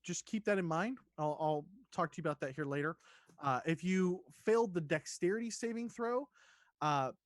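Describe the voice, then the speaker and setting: High-voiced man narrating as dungeon master. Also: dry recording, studio quality. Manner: descriptive, halting, with many fillers. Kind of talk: narrating a tabletop game.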